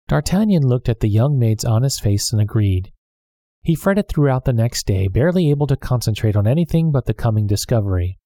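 A man reading a storybook aloud in a calm, steady manner. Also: medium pitch, fairly quick, no echo, studio quality. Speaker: narrator. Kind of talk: storybook narration.

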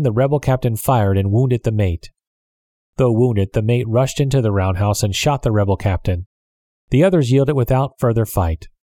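Male narrator, measured read, warm dark tone, dry close recording. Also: fairly low pitch, no room sound. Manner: measured, even storytelling. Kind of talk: scripted audiobook narration.

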